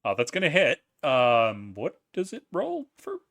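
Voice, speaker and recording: A man running a tabletop game as game master, casual and quick to laugh and swear. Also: mid-range voice, huge pitch swings, fairly bright tone.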